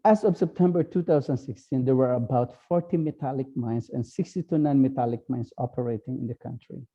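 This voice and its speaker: A priest with a Filipino accent gives his talk at a slow, halting pace, pausing on fillers. His voice is dark and gravelly. The sound is dull and lo-fi, like call audio. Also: medium pitch. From Philippines. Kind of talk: online talk.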